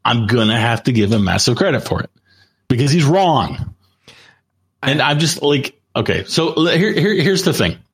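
A man's voice: medium pitch, big pitch swings, moderate pace, breathy edge. A man co-hosting a casual tech podcast, skeptical and emphatic in his opinions. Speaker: podcast co-host.

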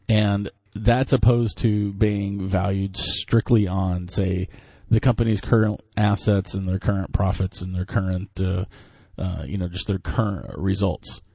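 A man co-hosting a tech news podcast, reading headlines and explaining things in a relaxed way with restarts. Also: fairly low pitch, slightly rough, no echo. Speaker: podcast co-host.

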